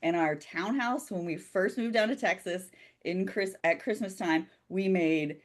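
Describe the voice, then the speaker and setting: Woman, game master, low voice, giggly, chatty, casual. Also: a little slow. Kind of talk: casual chat and game narration.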